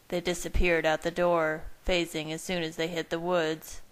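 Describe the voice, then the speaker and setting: A woman reading fan fiction aloud, her voice slightly low. She keeps a steady, even narrating pace between the characters' lines. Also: normal speed, hardly any pauses, smooth. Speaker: reader.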